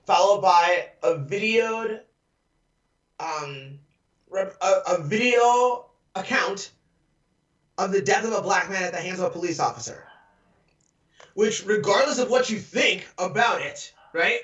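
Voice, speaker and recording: A man with a fairly high voice rambles through a casual podcast chat, full of fillers and laughter. He is joining over a video call, so his voice comes through distant, roomy and muffled. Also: expressive, a little slow, pauses often, fairly bright tone. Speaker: podcast co-host.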